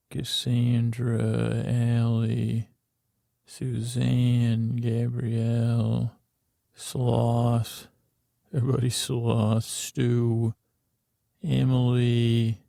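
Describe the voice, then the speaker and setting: A man hosting a bedtime podcast, rambling slowly and aimlessly with many fillers. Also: medium pitch, gravelly, warm tone, no room sound, studio quality. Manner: meandering and slow, with many fillers. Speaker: podcast host. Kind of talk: drowsy bedtime podcast monologue.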